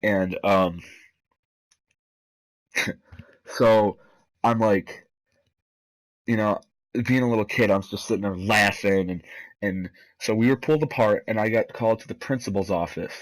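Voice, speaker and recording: A man with a slightly low voice talks casually over a gameplay recording. He rambles through an embarrassing story, drops swear words freely and keeps laughing at himself. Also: rough recording. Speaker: gameplay commentator.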